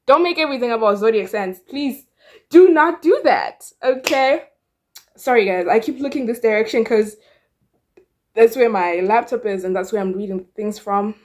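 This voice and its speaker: Sassy young Zimbabwean woman vlogger. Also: fairly high pitch. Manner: sassy, blunt, talks straight to the viewer. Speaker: YouTuber. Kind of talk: casual opinion vlog.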